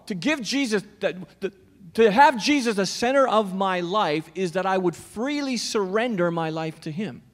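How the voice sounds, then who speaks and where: High-voiced pastor preaching in a reverberant hall. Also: male voice, a bit bright. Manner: conversational, questions the congregation directly. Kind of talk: sermon. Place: church auditorium. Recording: long reverb of a church hall.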